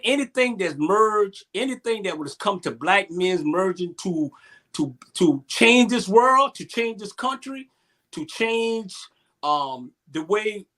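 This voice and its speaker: A man speaks earnestly on a panel talk show. He talks haltingly, restarting and repeating phrases as he works through his thoughts. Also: high voice, pushed and bright. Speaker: youth basketball coach, co-host.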